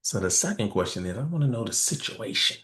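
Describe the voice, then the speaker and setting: A man with a fairly low voice teaches sales technique in an echoey room. He talks with energy, acting out short exchanges with customers and often checking in with "right?" between points. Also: quick pace. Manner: energetic, role-plays customer dialogue with frequent "right?" check-ins. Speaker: sales trainer. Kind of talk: sales training talk.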